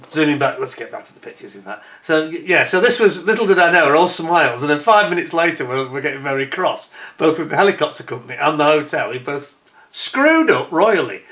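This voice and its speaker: A man's voice: on the high side, very animated, fairly quick, fairly bright tone. A middle-aged man from Britain telling a rambling, chatty story over holiday photos, correcting himself as he goes. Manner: chatty, rambling, self-correcting, indignant when retelling complaints. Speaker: vlogger.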